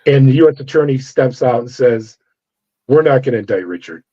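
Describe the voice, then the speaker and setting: A middle-aged man, a former corrections officer, telling his story in an interview with animated, profane delivery and acted-out dialogue. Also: medium pitch, brisk. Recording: dull lo-fi audio.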